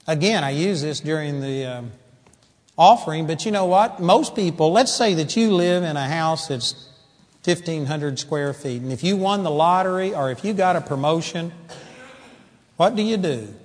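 A man preaching a sermon in a church hall, animated, moving from loud exclamations to quiet asides. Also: fairly high pitch, moderate pace. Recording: long hall reverb.

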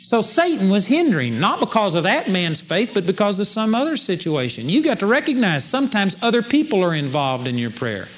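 A man's voice: high voice, very animated, fairly quick, few pauses, a little hiss or hum. A man preaching a sermon, telling stories and acting out the prayers he quotes. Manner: storytelling, acts out quoted prayers in a raised voice. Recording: dull lo-fi recording with faint ambience.

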